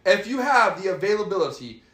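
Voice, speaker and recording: A man's voice: sits high, big pitch swings, brisk, fairly bright tone. A young man from the United States hosting a casual podcast chat with friends, crude and teasing, swearing freely in banter. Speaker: podcast host. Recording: echoey room.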